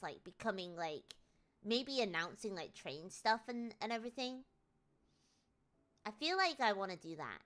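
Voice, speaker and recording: A woman's voice: mid-range voice, bright, forceful tone. A British woman streaming, chatting casually in a rambling, jokey way with lots of laughter. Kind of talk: casual chat.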